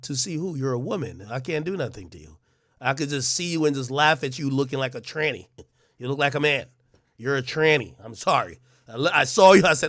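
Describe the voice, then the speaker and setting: A brash man with a bright, forceful, fairly high voice rants a mocking roast, tripping over stammered restarts. The sound is close and dry. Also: lively intonation, a little fast, dry recording. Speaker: livestream host. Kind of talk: ranting roast monologue.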